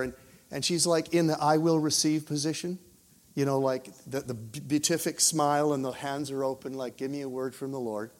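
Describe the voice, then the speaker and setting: Animated preacher, man telling a story. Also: fairly high pitch. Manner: animated storyteller, drops to a hushed voice for quoted prayers. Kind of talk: sermon with storytelling.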